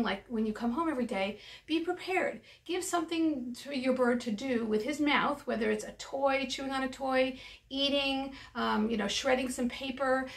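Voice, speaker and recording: A woman veterinarian explaining bird care in a calm, practical educational talk. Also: sits high, far from the mic. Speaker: avian veterinarian.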